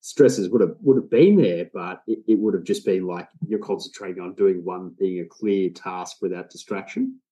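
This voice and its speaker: A man hosting a podcast interview, speaking thoughtfully and in a measured way. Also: sits low, dark tone, low-quality recording. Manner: thoughtful, measured, with frequent fillers. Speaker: podcast host.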